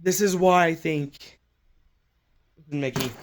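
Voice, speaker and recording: A man's voice: a little high, slow. A man ranting in an angry, profane, mocking commentary, talking into a phone.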